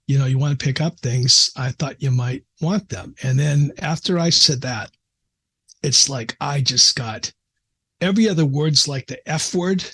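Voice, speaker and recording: A man's voice: medium pitch, a little slow, a bit bright, breathy edge. A middle-aged man from the American Midwest, a psychiatrist guest, telling an earnest, emotional story in a casual interview with frequent restarts.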